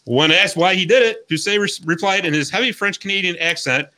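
A man's voice: high-pitched, fairly quick, few pauses, pushed and bright. A man hosting a hockey podcast, reading a scripted history segment in an upbeat, jokey storytelling way. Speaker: podcast host.

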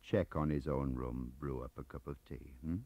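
A man voicing a quiet, menacing investigator who speaks in a soft, low monotone. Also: normal speed, dry recording. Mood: quietly menacing. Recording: muffled tape audio.

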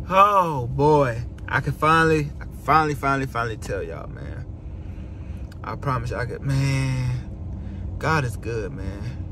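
A man vlogging casually from inside a car, excited and repeating himself as he teases an announcement to his viewers. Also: medium pitch, measured pace. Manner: excited, repetitive, keeps teasing an announcement. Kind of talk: casual vlog to camera. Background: faint car noise.

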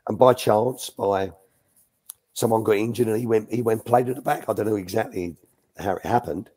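Older man, husky, mellow, rambling anecdotes. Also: on the low side, moderate pace. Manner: chatty, restarts sentences, acts out quotes. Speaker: former youth academy coach, guest. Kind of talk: anecdotal storytelling in a live Q&A.

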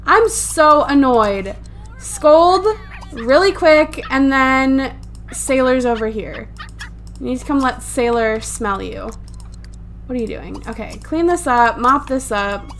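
A woman with a high voice rattles off casual gameplay commentary. She is exasperated and swears freely, breaking into laughs along the way. She is recorded on a desktop USB microphone at home. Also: animated, takes it slowly, a little hiss or hum. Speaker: let's play gamer.

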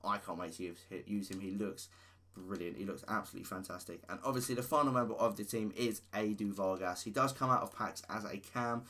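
A man's voice: on the low side, fairly bright tone. A man giving casual gaming commentary, rattling off player stats with enthusiasm. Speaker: gaming YouTuber.

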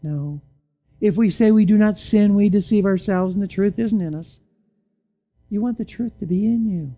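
A pastor preaching in church with a mellow, warm tone at a middling pitch. The delivery is animated, full of pointed rhetorical questions, with sudden drops to a hushed low voice for emphasis. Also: normal speed. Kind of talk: sermon.

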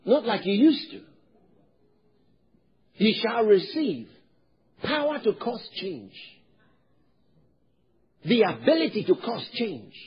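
Animated high-voiced Nigerian-born pastor preaching. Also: male voice, slow, long pauses, husky, highs cut off. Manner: animated, calls for congregation responses, swings to loud emphatic shouts. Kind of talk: sermon.

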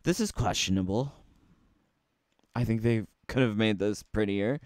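A man's voice: fairly low pitch, a little slow, darkish tone, no echo, clean studio sound. A man giving casual, playful commentary on video game costumes, sassy and full of rhetorical questions. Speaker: gaming YouTuber.

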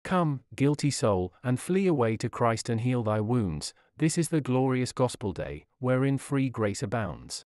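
A man reading a sermon aloud in an earnest, dramatic, deliberate manner. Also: medium pitch, very animated, a little mellow, dry recording, studio quality. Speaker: sermon reader.

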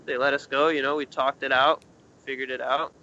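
In a slightly muffled recording with faint noise, a young urban explorer being interviewed narrates a story casually, at a fairly quick pace and in a mid-range voice. He gets animated, voicing what others said in a raised tone.

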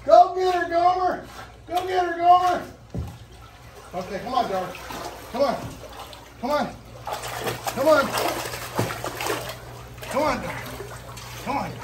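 Brief: high-pitched, excitable male zookeeper vlogging at feeding time, mic a bit far off. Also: takes it slowly, pauses often, very noisy. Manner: excitable, lots of whoas, coaxing animals. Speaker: reptile zoo keeper. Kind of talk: casual vlog narration while feeding animals. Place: reptile zoo after hours.

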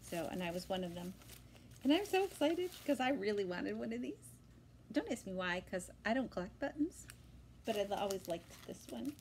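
A woman chatting casually at home in her vlog, excitable and talkative, her voice jumping high when she is thrilled. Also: normal speed, slight background noise, low-quality recording. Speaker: vlogger. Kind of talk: casual chat.

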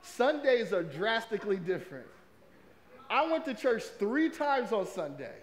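A man delivers a sermon. His voice sits high for a man. He talks in a loose, conversational way and keeps asking the congregation questions. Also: a little slow. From American South. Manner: lively, conversational preaching with crowd prompts. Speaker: pastor.

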